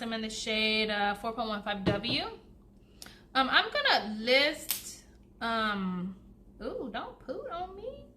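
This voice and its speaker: A beauty vlogger chats casually to viewers through a get-ready-with-me makeup routine, calling them y'all and laughing often. Her voice is on the high side, and there's a noisy background.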